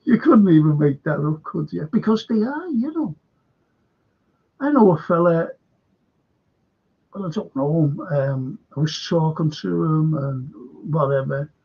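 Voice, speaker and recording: A man's voice: fairly high pitch, lively intonation, unhurried, vocal fry, pauses often, slightly rough. An older man hosting a live stream, rambling through viewer comments in a casual chat and losing his train of thought. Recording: dull lo-fi stream audio.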